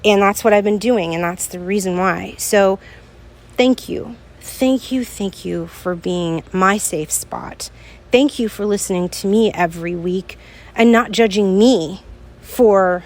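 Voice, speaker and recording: A woman's voice: medium pitch, a little mellow. A middle-aged woman hosting a solo podcast, talking earnestly and emotionally to her listeners, her voice rising in bursts of feeling. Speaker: podcast host. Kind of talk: heartfelt solo podcast monologue.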